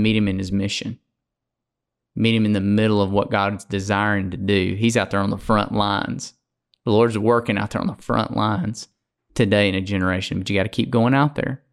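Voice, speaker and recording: A man from Alabama with a Southern accent, preaching as a podcast guest in a fervent, folksy way. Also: lowish voice.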